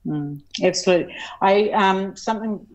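A woman talking as an interview guest, earnest and reflective, pausing often and restarting her sentences. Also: medium pitch, muffled recording. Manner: earnest, halting, with many fillers and restarts. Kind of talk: reflective personal conversation.

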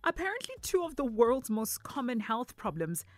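A woman's voice: a little high, lively intonation, moderate pace, a little mellow, dry recording. A woman hosting a radio health segment, bubbly and chatty, laughing often and using casual fillers. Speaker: radio host.

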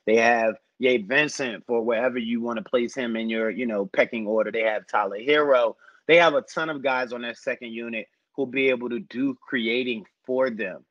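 A man talking basketball in a relaxed, rambling conversational way, musing over players and roster fits. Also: medium pitch, moderate pace, few pauses, no echo, lo-fi sound. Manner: thoughtful, rambling with fillers. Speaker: basketball podcast analyst. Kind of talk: casual sports discussion.

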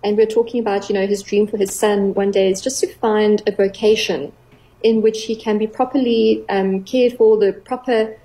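A middle-aged woman, a clinical psychologist, explaining earnestly on a radio talk show, with gentle playful examples. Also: mid-range voice, steady tone, normal speed, low-quality recording.

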